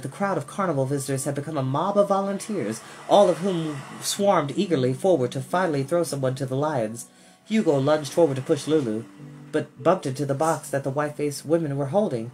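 A man reading a children's novel aloud, expressive and doing voices for the characters. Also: a little high. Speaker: storyteller.

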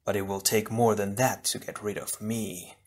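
A man's voice: on the low side, little pitch movement, darkish tone, natural voice. A man voicing a crackling masked warrior. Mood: taunting. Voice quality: sizzling, crackling. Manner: slow and taunting. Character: menacing masked male warrior.

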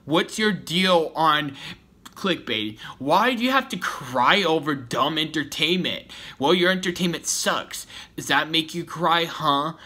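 A man's voice: on the high side, animated, measured pace, sharp tone. A man giving a rambling, repetitive, confrontational rant to the camera in a vlog. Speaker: YouTuber. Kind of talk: ranting vlog commentary.

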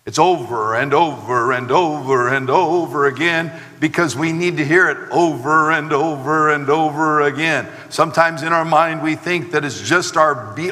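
High bright-voiced man preaching in a hall. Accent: American. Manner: animated preaching with acted asides. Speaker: pastor. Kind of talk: sermon. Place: church sanctuary. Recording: long hall reverb.

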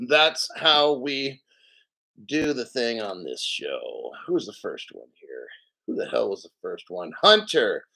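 A man hosting a casual crypto livestream, a little out of breath, talking loudly and profanely and swinging between mumbled asides and shouting. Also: fairly high pitch. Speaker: crypto show host.

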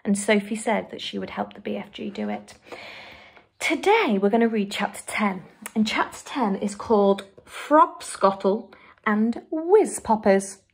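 A woman with an English accent, a primary school teacher, reading a children's book aloud to her class in a clear, expressive storytelling manner. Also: mid-range voice, measured pace.

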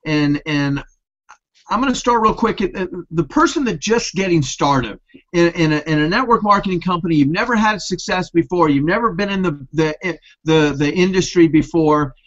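A man's voice: fairly high pitch, normal speed, fairly bright tone. Coaching man on muffled video call. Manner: coaching, fires off rhetorical questions. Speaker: host of online business training. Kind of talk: motivational webinar talk.

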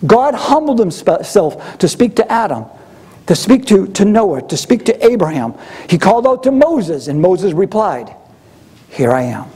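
A man delivering a sermon in a conversational, storytelling manner. His voice sits high for a man, yet it is mellow and slightly husky. He often slips into the voices of the people he quotes. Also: big pitch swings, unhurried. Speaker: preacher.

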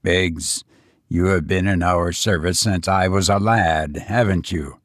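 Man playing a stern sick old banker, low voice, commanding, slow, dry recording. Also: steady tone, no echo. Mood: grave. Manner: commanding, blunt, low and grave.

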